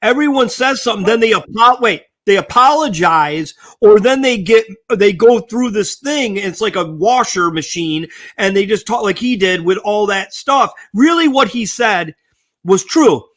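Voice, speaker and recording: An older man with a fairly high voice, co-hosting a sports chat. He talks in a loose, rambling way and thinks aloud as he goes. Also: expressive, normal speed, fairly bright tone. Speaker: sports talk co-host. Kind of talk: casual sports banter.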